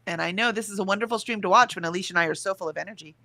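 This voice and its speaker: A woman's voice: medium pitch, very fast, pushed and bright, dry recording. Tired woman reading out chat comments. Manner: sleepy, laughs often. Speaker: co-host of a writing sprint livestream.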